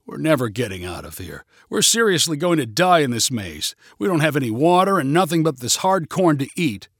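A man's voice: a little high, sing-song, brisk, fairly bright tone, no room sound, clean studio sound, full character voice. A man voicing a melodramatic young man who complains dramatically. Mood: despairing.

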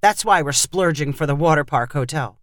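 A woman narrator voicing a tired father who sounds strained and defensive, in a storybook reading with a low voice. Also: moderate pace, dry recording, clean studio sound, lightly acted.

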